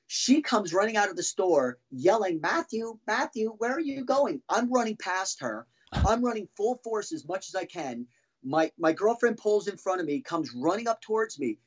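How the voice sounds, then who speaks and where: A man telling his own story as a podcast guest, halting and restarting often as he talks. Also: high voice, sing-song, breathy edge, lo-fi sound. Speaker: guest, former band drummer. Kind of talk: casual podcast interview storytelling.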